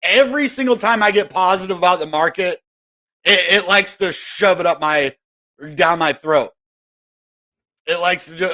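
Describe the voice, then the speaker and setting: Talking loosely about the crypto market, this video host keeps interrupting himself and sounds thoroughly fed up. He moves at a moderate pace, with a bright, forceful voice pitched somewhat high for a man.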